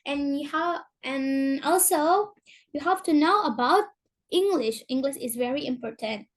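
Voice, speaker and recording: A young woman from Indonesia with a Sundanese accent, giving an informal presentation and searching for words as she speaks. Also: high voice. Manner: halting, searching for words in English.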